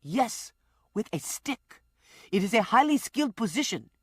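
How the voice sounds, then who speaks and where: A woman's voice: on the high side, big pitch swings, measured pace, husky, no echo, studio quality, exaggerated voice. A woman voicing an earnest, formal male henchman.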